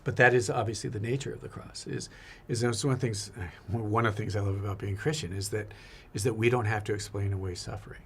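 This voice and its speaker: A man's voice: on the low side, fairly even intonation, fast talker, few pauses, a bit bright, slight background noise. A man, a priest, talking earnestly and reflectively in a casual faith conversation, often repeating his words.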